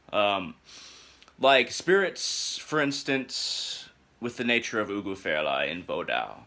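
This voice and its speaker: Halting, earnest young man with a bright voice. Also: sits low. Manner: halting, many filler uhs and restarts; earnest, searching for words. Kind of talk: personal spoken reflection.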